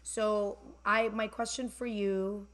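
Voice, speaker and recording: A woman's voice: medium pitch, little pitch movement, slow pace. A woman hosting a casual live stream from her phone, talking emotionally and in rambling bursts about going back to work. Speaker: host. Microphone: phone camera.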